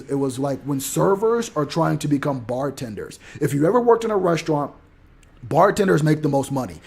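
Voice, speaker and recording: A man telling a story in an animated rant, acting out what people said and swinging between loud outbursts and mumbling asides. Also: fairly high pitch, creaky, husky. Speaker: motivational podcaster.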